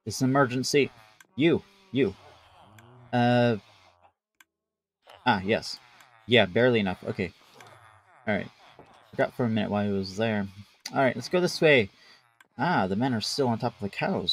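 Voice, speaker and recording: A man's voice: fairly low pitch, normal speed, long pauses. A man streaming a game live, chatting playfully and bantering with the game's creatures as he plays. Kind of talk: live gameplay commentary.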